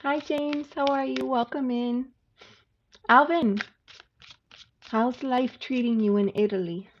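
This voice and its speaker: A woman's voice: high voice, fairly even intonation, slow pace. A woman hosting a live tarot stream, chatting casually with viewers and laughing often. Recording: slightly dull lo-fi sound with faint noise.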